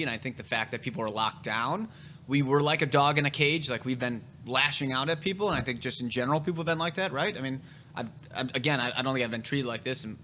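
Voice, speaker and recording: Guy hosting a podcast, blunt and sweary, bright voice, some faint hiss behind. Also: mid-range voice. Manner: blunt, profane storytelling. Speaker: real estate broker and podcast host. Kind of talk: casual podcast chat.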